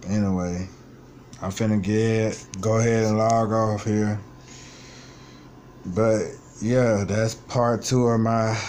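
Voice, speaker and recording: A man in his twenties with a fairly low voice talks straight into his vlog. He is frustrated and vents bluntly, with a lot of swearing. A faint hiss sits behind him. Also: darkish tone. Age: 20s. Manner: blunt, profane, frustrated venting. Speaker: vlogger. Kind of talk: personal vlog monologue.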